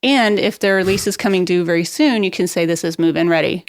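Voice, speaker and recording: A woman with a somewhat low voice talks as a guest expert on a real estate podcast. She explains marketing tips in a brisk, practical and upbeat way. The recording is dry and close, with no room sound. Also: no echo.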